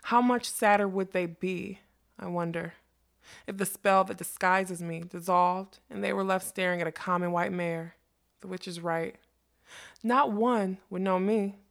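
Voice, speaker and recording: A woman reading a storybook, voicing a sad, proud female unicorn trapped in a cage, speaking slowly and wistfully. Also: fairly low pitch, fairly even intonation, creaky. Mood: sorrowful.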